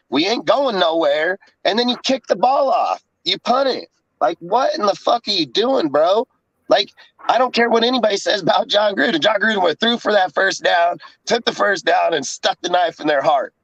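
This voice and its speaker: A man's voice: high-pitched, fairly bright tone, no room sound. A man ranting profanely and in exasperation about a football game in casual sports talk. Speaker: podcast co-host. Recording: dull dry lo-fi sound.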